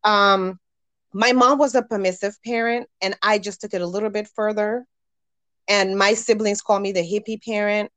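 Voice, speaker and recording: A woman talking about her parenting in a casual chat, chatty and animated with laughing asides. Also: medium pitch, moderate pace, no room sound. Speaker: parent sharing experiences.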